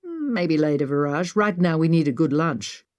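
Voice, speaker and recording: A woman's voice: sits low, very animated, normal speed, a little mellow, no echo. A woman voicing a wry, teasing adventurer man with a dry sense of humor.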